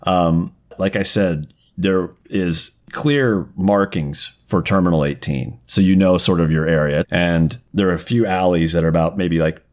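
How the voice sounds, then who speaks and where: A man with a very low voice running a tabletop role-playing session for friends. He narrates casually, swearing freely and padding with "uh" and "like". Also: measured pace, hardly any pauses, a little mellow. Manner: casual, profane, filler-heavy. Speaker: game master. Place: home podcast recording.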